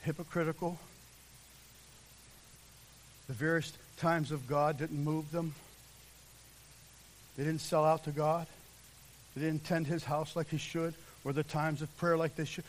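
A man preaching a sermon as pastor, impassioned, swinging from shouts to hushed whispers. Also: a little high, steady tone, moderate pace.

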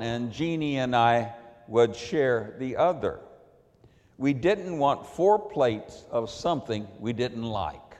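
A man's voice: mid-range voice, a little mellow. A man preaching a sermon, telling a personal story in a wry, storytelling manner. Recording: long hall reverb.

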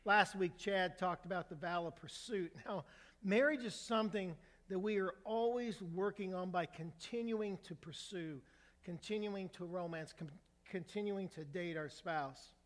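An older male pastor preaching a sermon in a relaxed, storytelling way, with humor, asking the congregation questions. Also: sits high, unhurried, in a large hall. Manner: conversational storytelling with humor, asks the crowd for a show of hands. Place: church sanctuary.

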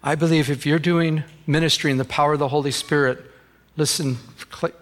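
A male pastor delivers an emphatic, exhorting sermon in church. His voice sits somewhat high for a man, and he drives his points home with repetition. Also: steady tone, brisk, fairly bright tone.

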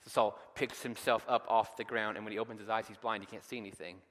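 A man preaching a sermon with a bright, forceful edge to his voice, retelling scripture dramatically and building to loud, emphatic peaks. His voice carries a long reverb, as if filling a big church sanctuary. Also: lowish voice, little pitch movement, fast talker. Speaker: pastor.

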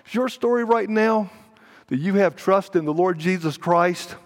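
Dramatic high-voiced preacher in a reverberant church. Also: male voice, moderate pace. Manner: dramatic storytelling, big swings between hushed and loud. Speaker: pastor. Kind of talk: sermon. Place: church sanctuary. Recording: long church hall reverb.

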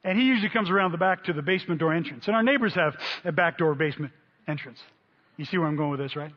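Animated high-voiced preacher man. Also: fast. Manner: animated storyteller, voices quotes loudly. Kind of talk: sermon storytelling. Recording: dull sound in a long-reverb hall.

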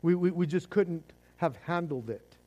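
A man's voice: a little high, moderate pace, dark tone, lo-fi sound. A man preaching a sermon as pastor, fervent and casual, often repeating words as he restarts.

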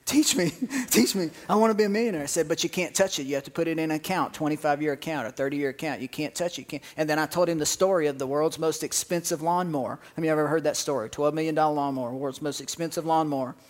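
A man's voice: on the high side, fairly even intonation, fast talker, hardly any pauses. A man preaching a sermon as pastor, telling joking stories with bursts of laughter.

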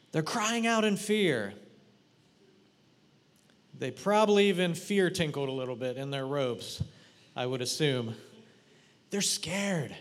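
A man delivers a lively sermon, walking his listeners through a scene they are asked to picture, teasing and questioning them as he goes. His voice sits a little high for a man, and it carries with a long reverb in a large hall. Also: unhurried, long pauses. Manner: animated, playful, addresses congregation directly. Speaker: preacher. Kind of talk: sermon with guided imagery.

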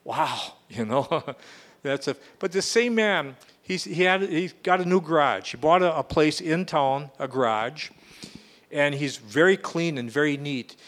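A man delivering a sermon in a slightly higher-than-usual voice. He preaches earnestly and with emphasis, circling back and restarting his phrases. His tone is plain and direct, aimed at a congregation. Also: expressive, measured pace, fairly bright tone.

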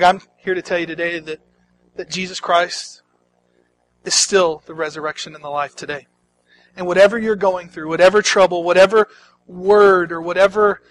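High-voiced man preaching dramatically. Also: low-quality recording. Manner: dramatic, swings from hushed to loud. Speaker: pastor. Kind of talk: sermon.

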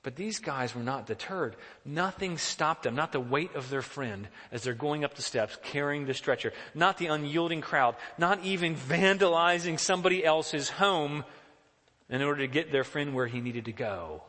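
Earnest preacher with a bright voice. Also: male voice, fairly high pitch, normal speed, long reverb tail. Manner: earnest, questioning, emphatic. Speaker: pastor. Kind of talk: sermon.

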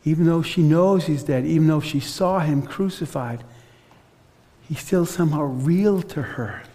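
A man preaching a sermon as pastor, earnest, slowing and softening on reflective passages. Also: a little high, long reverb tail.

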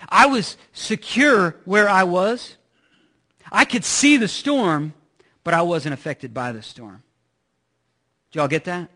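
A man's voice: high voice, a bit bright. A man preaching a sermon in a conversational way, telling a personal story with joking asides. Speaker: pastor.

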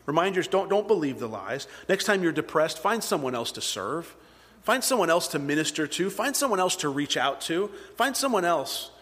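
A man's voice: a little high, sing-song, moderate pace. Man preaching in a reverberant hall. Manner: swings from loud emphatic peaks to hushed near-whispers. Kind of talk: sermon.

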